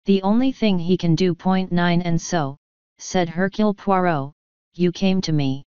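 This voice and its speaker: A woman reading a mystery audiobook aloud, voicing the dialogue in a quiet, measured way. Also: fairly low pitch, smooth, dry recording, lo-fi sound. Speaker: audiobook narrator. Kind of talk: scripted narration.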